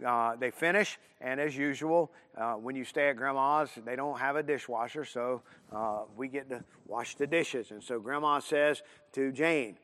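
A man telling a homespun story in an unhurried, folksy way, with plenty of fillers and restarts. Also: medium pitch, pushed and bright, in a large hall.

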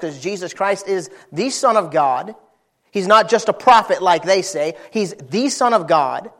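Animated high-voiced male preacher. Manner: animated, folksy, emphatic. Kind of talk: storytelling sermon.

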